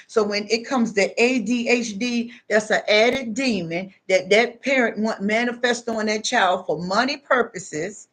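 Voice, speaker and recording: An older woman tells a story in a spiritual monologue, acting out the quoted voices with big pitch jumps. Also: a little slow, hardly any pauses, a bit bright. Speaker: spiritual speaker.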